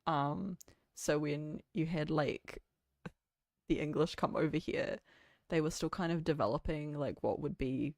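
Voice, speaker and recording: A woman with a New Zealand accent, reading a story aloud in a soft ASMR style and then chatting with her stream in a relaxed way that is full of laughter. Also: low voice, a little slow, dry recording, clean studio sound.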